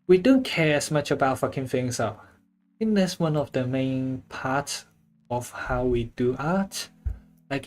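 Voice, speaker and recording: A laid-back artist talks through a drawing session at an unhurried pace, rambling loosely and leaning on filler words. Soft music plays faintly underneath. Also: medium pitch. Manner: swears casually. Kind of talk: casual chat while drawing.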